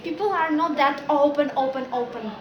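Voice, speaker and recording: A woman's voice: sits high, normal speed, dull audio, over music. A woman from Ukraine giving a chatty, anecdotal talk to a class as a guest speaker, with many fillers like "like" and "yeah". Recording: echoey classroom with students.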